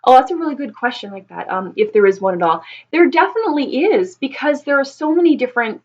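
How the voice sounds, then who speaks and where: A woman's voice: high voice, lively intonation, fast, dull audio. A woman speaking as a voice teacher, thoughtfully explaining singing technique with frequent ums and restarts.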